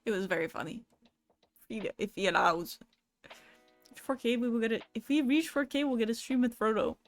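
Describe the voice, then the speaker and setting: A woman's voice: fairly high pitch, soft background music. A young woman streamer chatting casually and reading viewer messages aloud, swearing freely in a loose, joking way. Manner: casual, profane, quick to laugh.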